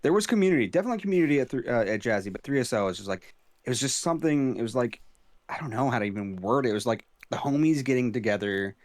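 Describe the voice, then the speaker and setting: A man's voice: medium pitch, animated, rapid-fire, dry recording, studio quality. A man co-hosting a casual podcast, laid-back and profane, chiming in with rowdy reactions.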